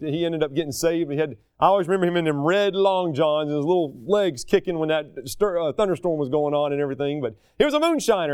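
A man's voice: on the high side, clean tone, no echo, studio quality. A man preaching a sermon, talking casually and acting out the people he quotes. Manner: animated, acts out the people he quotes.

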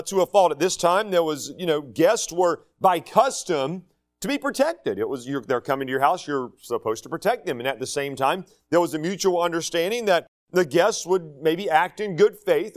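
High-voiced man preaching conversationally. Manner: conversational, folksy asides with restarts. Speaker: pastor. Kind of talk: expository sermon.

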